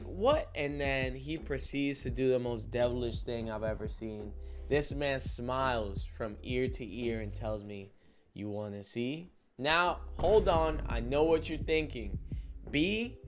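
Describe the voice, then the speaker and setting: In a casual vlog, a young man tells a story with lots of energy and slang, frequently checking that his listeners are following along. His voice is mid-range, and there's a slight hiss or hum on the recording.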